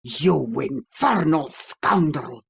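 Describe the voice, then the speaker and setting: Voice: mid-range voice, expressive, a little slow, husky, heavily acted. A reader voicing a raging jealous husband. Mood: furious. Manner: furious, shouting insults. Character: enraged jealous husband, middle-aged man. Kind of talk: audiobook character reading.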